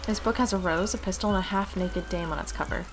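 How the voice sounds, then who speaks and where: A woman's voice: fairly low pitch, fast, background noise. A woman streamer playing a game, reading its narration aloud with casual asides of her own.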